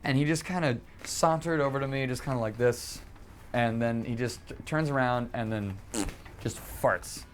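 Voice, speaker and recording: A young man, an actor, telling animated anecdotes about filming in an interview. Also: medium pitch, normal speed, slight background noise. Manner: animated storytelling, repeats words.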